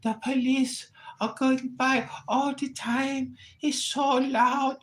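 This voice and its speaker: Man doing a high-pitched anxious female tenant, whiny, broken English, complaining. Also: fairly bright tone, exaggerated voice.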